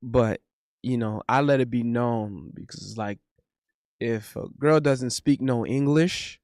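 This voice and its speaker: A man's voice: mid-range voice, slow pace, darkish tone, no echo. A young man hosting a live stream, chatting casually in a loose, repetitive, slangy way on a close desk mic. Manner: loose, repetitive, swears, says bro a lot. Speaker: streamer host.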